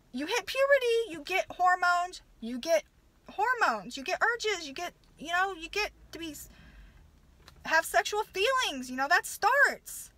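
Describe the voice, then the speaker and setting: High, bright-voiced woman in an angry rant. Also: dry recording. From American South. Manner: heated, swearing, halting restarts. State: upset. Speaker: vlogger.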